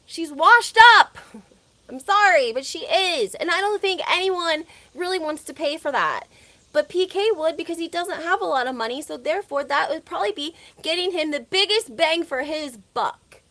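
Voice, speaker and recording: A woman's voice: very high voice, lively intonation, moderate pace, fairly bright tone. A woman with a Southern American accent hosting a casual gossip livestream, chatty and opinionated, often laughing between her points. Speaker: reality TV recap host.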